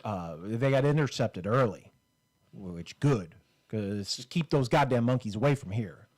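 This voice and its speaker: A man's voice: medium pitch, expressive, unhurried. A man co-hosting a casual comedy podcast, rambling through jokes in a mid-range voice. He talks loosely and joking, with plenty of filler words. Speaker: podcast co-host.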